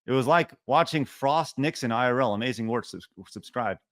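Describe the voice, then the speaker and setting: A man's voice: mid-range voice, brisk. A man on a casual livestream reading out viewer donations and chat messages, protesting in mock refusal while thanking each donor. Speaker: streamer reading super chats.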